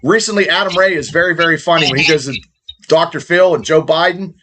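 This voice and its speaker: Brief: middle-aged guy, loose, cussing podcast host, slightly high voice. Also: crowd noise. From Indiana, USA. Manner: profane, rambling, fast. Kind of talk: casual podcast chat.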